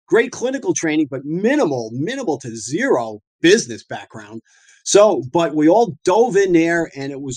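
Here a middle-aged northeastern American man, a guest who is a dentist and runs his own practice, tells anecdotes in a loose, chatty style. He's animated and keeps restarting lines, sprinkling in plenty of fillers. The sound is close-miked and dry, without echo, and his pitch runs a touch high for a man.

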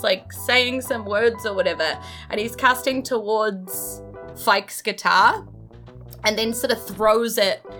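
A woman's voice: fairly high pitch, bright, forceful tone. A woman narrating a tabletop game as game master in a chatty, descriptive way with lots of fillers.

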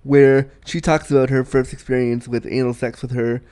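A young man hosting a podcast, answering a listener's question in a frank, animated, self-deprecating way. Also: medium pitch, moderate pace, clear, resonant tone. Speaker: podcast host. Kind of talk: candid advice chat.

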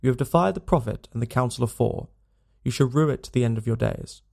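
A man playing a pious, boastful young suitor in a storybook reading, with a gravelly voice. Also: mid-range voice, fast talker, a little mellow. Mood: threatening. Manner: sanctimonious, self-assured.

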